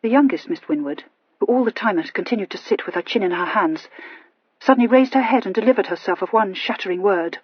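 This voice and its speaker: A woman's voice: mid-range voice, animated, fast, breathy edge, dry recording, highs cut off. A woman narrating a novel expressively, voicing each of its characters. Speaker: audiobook narrator. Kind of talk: scripted narration.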